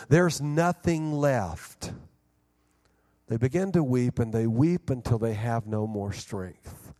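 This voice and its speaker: A middle-aged man preaching a sermon, telling stories with lively sound effects and restarts. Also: medium pitch. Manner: animated storyteller who acts out scenes with vocal sound effects; repeats and restarts words in bursts. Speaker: pastor. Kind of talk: sermon with storytelling.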